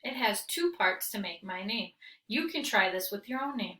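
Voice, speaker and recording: A young woman teacher giving a patient, drawn-out phonics lesson to young children. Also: medium pitch, lively intonation, pushed and bright. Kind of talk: recorded early-grade phonics lesson.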